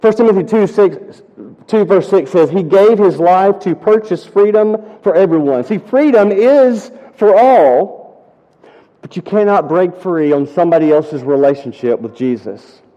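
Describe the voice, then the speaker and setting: A pastor preaching a sermon, telling stories and building to emphatic peaks. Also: male voice, high voice, lively intonation, measured pace, warm tone. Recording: muffled audio with long hall reverb.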